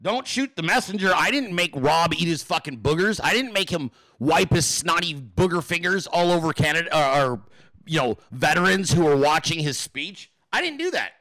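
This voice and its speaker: A man rants to his live chat in a crude, mocking, offhand way. His voice is bright and a touch high. The sound is dry and close to the mic. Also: animated, moderate pace, no echo. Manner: profane, mocking, puts on shrill voices. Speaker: livestream host. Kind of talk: crude casual livestream rant.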